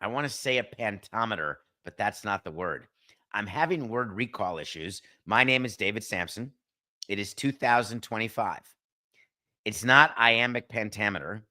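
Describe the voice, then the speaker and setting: Bright-voiced blunt sarcastic male host. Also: on the low side, lively intonation, normal speed. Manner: blunt, sarcastic, talks straight to a producer. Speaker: podcast host. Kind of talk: opinionated solo sports and TV commentary.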